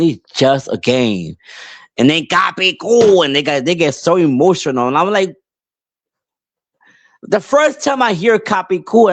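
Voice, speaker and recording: A man who grew up between Puerto Rico and New York, hosting a podcast and telling a rambling casual story with many restarts and animated outbursts. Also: mid-range voice. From Puerto Rico, raised in New York. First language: English. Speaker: podcast host.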